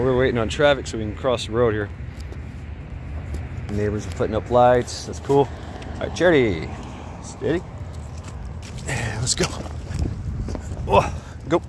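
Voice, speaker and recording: A man's voice: mid-range voice, noisy background. A man vlogging while walking his dog outdoors at night, telling a story in a rambling way with lots of fillers and restarts.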